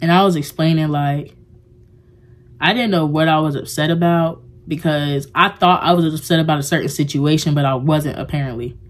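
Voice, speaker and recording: At a moderate pace and in a low-pitched voice, a young woman vlogger confides in her viewers, rambling sincerely and peppering her talk with fillers, especially "like."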